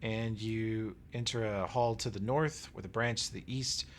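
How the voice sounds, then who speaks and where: A man running a tabletop game as game master, relaxed and descriptive, checking in with his players. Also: lowish voice, measured pace, slight background noise.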